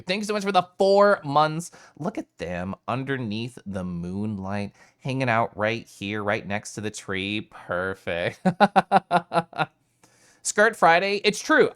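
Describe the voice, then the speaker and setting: A man chats with his live stream audience in a loose, animated way. His middle-pitched voice jumps around a lot as he reacts, and he drops the odd casual swear. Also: smooth. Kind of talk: casual chat with live viewers.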